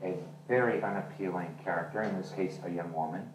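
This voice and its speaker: A male author and journalist speaks casually about his novel at a reading, acting out the dialogue as he tells the story. His voice sits low and his pace is brisk. The recording comes from far off in a roomy literary venue hall, with faint background noise.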